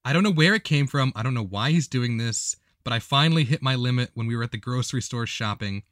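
A man co-hosting a comedy podcast, reading an online post aloud in an animated way and breaking into laughs. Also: medium pitch, fast, dry recording, studio quality.

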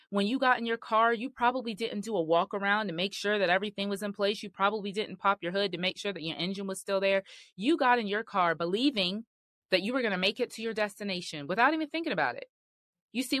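A woman's voice: medium pitch, expressive, brisk, a bit bright, dry recording, clean studio sound. A woman host giving sermon-style marriage teaching, earnest and emphatic in a conversational way.

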